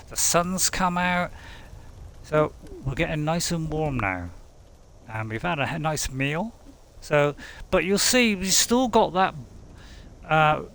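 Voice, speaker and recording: A man's voice: a little high, a bit bright, a little hiss or hum. A man, a game streamer, giving casual, rambling let's-play commentary full of asides. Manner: chatty, rambling, many fillers and asides.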